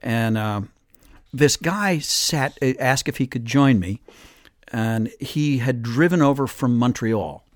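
This is an older man in his sixties telling a story on a podcast, rambling casually and stopping often on fillers. His voice sits at an ordinary middle pitch. It is recorded dry and close, with no room sound. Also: slow, dry recording. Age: 60s. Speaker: podcast host.

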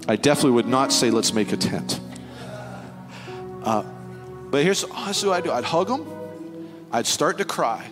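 A man preaching a sermon as pastor, telling personal stories earnestly with frequent restarts. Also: on the high side. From Canada. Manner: earnest, animated storytelling with many restarts. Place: church sanctuary.

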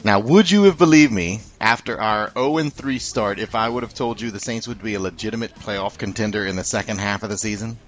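A man's voice: on the low side, brisk, few pauses, a bit bright. A man hosting a casual sports podcast, jokey and upbeat as he chats with his co-host.

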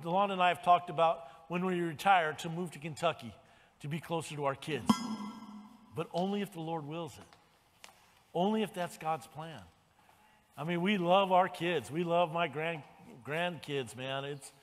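A man's voice: a little high, long reverb tail. An older man preaching a sermon as pastor, retelling the story with acted-out lines and calls of "amen". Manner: animated storytelling, acts out quotes.

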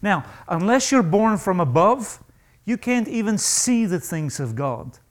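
A male pastor preaching a sermon to a congregation, emphatic and animated, acting out the voices he quotes. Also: high-pitched, unhurried.

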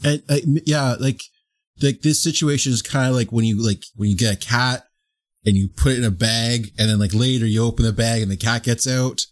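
A man's voice: mid-range voice, fairly quick. A man playing in a tabletop game, rambling and hesitant. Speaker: player. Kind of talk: casual tabletop game chat.

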